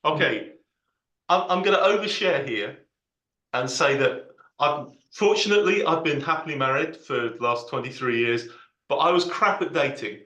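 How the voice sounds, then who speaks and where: A man's voice: on the high side, animated, moderate pace, pushed and bright, reverberant. A man asking a question on an online Q&A, hesitant and self-deprecating with many restarts. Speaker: Q&A participant. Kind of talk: casual online Q&A. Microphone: video call.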